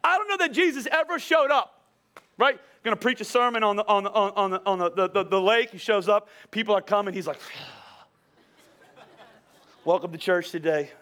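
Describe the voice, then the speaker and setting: A man's voice: high-pitched, moderate pace, pauses often, sharp tone, clear, resonant tone. A pastor giving a casual, conversational sermon, joking, laughing often and repeating words as he talks.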